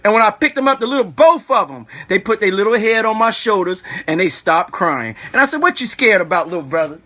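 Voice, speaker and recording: A man speaking live as a community activist, giving an impassioned, preachy talk with repeated rhetorical questions, emotional and at times shouting. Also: sits high, big pitch swings, brisk. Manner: preachy, repetitive rhetorical "all right?". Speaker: community activist and children's school organizer. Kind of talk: impassioned live-stream speech.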